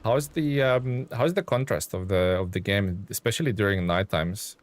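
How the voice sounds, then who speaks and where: A man with a lowish voice, speaking at a moderate pace, gives live commentary while streaming a truck game. He talks with viewers, thanks them, and thinks things through out loud with ums and chuckles.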